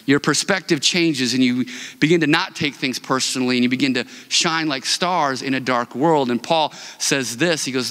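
A man's voice: on the high side, lively intonation, normal speed, bright, forceful tone, in a large hall. A man preaching a sermon as pastor, talking in a conversational way with many fillers and restarts. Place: church sanctuary.

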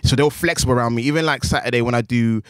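Fast-talking London man, dry close mic. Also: medium pitch, no echo. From England. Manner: quick, animated, streetwise slang. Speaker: guest, wrestling news presenter. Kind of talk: casual podcast chat.

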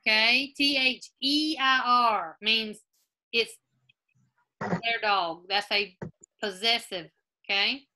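A woman's voice: a little high, slow pace, long pauses, pushed and bright. A woman teacher on a video call, reviewing a grammar quiz with her class and patiently spelling out answers. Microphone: laptop video call.

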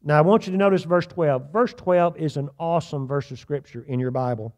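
A man with a fairly high voice preaches to his congregation in a church. He reads scripture slowly and with weight, then turns and asks his listeners direct questions. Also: darkish tone, lo-fi sound. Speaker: pastor. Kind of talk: sermon. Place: church sanctuary.

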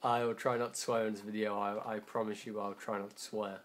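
Rambling teen gamer, lowish voice. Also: male voice, level tone, slight background noise. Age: teens. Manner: rambling, self-correcting, quick to frustration. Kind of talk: gameplay commentary.

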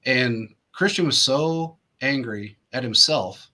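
A man's voice: medium pitch, slow, pushed and bright. A male host telling rambling sports anecdotes in casual chat, full of fillers and restarts.

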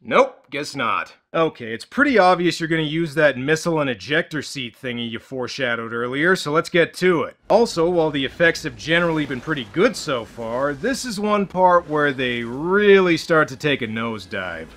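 A man narrating a comedic movie review with a bright, forceful voice pitched a little high. He makes sarcastic, wry asides as he goes. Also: expressive, normal speed, hardly any pauses, a little hiss or hum.

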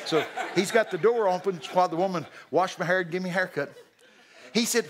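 An older man preaching a sermon, telling folksy stories and shouting out the voices of people in them. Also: high voice, a little fast. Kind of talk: storytelling sermon. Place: large church hall.

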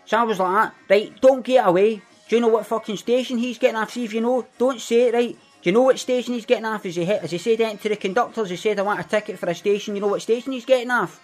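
A man's voice: sits high, fast talker, few pauses, soft background music, close to an everyday voice. A man playing a boastful, violent young Glasgow man in a comedic character monologue, telling a rambling story with a Glaswegian accent and heavy swearing. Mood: menacing.

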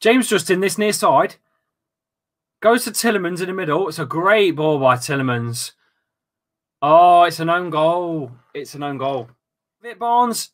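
A man hosting a football watchalong, commentating live with loud outbursts, swearing and casual banter with friends. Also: a little high, lively intonation, a little slow, long pauses. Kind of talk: excitable live match commentary.

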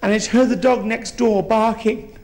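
A man's voice: high voice, fairly even intonation, normal speed, darkish tone, lightly acted. A man, performing live on a theatre stage as a grand but foul-mouthed elderly queen mother. He tells his stories in a mock-genteel way and lands them with crude punchlines. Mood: bawdy. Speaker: drag comedian. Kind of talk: live stand-up drag act.

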